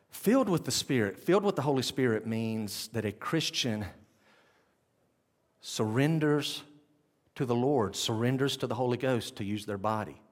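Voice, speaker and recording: A man preaching a sermon, talking straight to the congregation and swinging between loud emphasis and quiet intensity. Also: mid-range voice. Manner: conversational, addresses the congregation directly.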